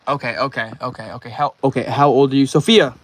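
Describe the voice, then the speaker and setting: A man's voice: mid-range voice, fairly even intonation, fast talker, a little hiss or hum. A nineteen-year-old man livestreaming from his bedroom, rambling casually and thanking viewers by name as he reads out chat.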